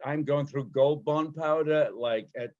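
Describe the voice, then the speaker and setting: Joking British man, muffled audio. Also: fairly high pitch. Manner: joking, quick-witted teasing. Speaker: podcast co-host. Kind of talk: casual banter.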